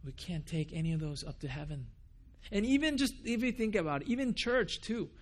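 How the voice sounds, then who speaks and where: A man's voice: high voice, animated, a little fast. A man preaching a sermon as pastor in a church, earnest, asking the congregation questions and repeating words for emphasis. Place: church building.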